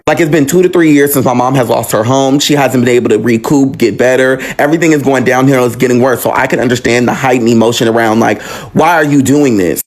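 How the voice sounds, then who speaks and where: A young man telling a personal story in a vlog, expressive and casual, swearing now and then. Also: mid-range voice.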